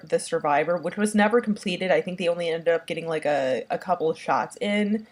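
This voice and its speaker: A woman's voice: fairly low pitch, darkish tone. A woman reviewing a horror film in casual talk. She rambles and gushes, with constant fillers like "like" and "um". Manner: rambling, heavy use of "like" and "um"; enthusiastic, gushing.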